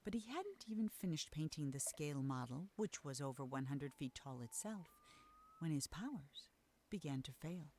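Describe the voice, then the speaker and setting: A woman narrating a game's fairy tale in a soft, measured storytelling voice over faint background noise. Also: low voice, lively intonation. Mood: wistful. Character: calm female storybook narrator, gentle and wistful. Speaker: game narrator.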